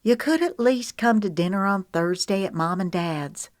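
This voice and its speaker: A woman voicing a hopeful young woman trying gently to persuade her brother and friend. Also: medium pitch, animated, moderate pace, dry recording, clean studio sound, voice pushed up, close to an everyday voice. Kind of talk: audiobook character reading.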